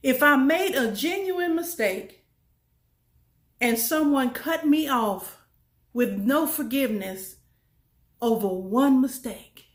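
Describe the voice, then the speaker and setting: Brief: woman speaker, motivational talk, emphatic and folksy, fairly high voice, roomy echo. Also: lively intonation, slow pace, pauses often. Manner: emphatic and repetitive, folksy, asks the audience questions.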